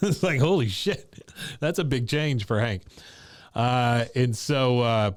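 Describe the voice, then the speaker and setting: Man, podcast co-host, animated scene recap, laughs a lot, smooth clear voice, dry close sound. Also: medium pitch, slow, no room sound. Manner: animated retelling, laughs often. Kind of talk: casual chat.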